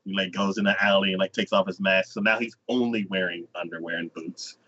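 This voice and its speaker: A man's voice: low voice, little pitch movement, brisk, bright, forceful tone. A man hosting a podcast, casually recapping an anime episode and acting out its characters in exaggerated voices. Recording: dull lo-fi podcast audio.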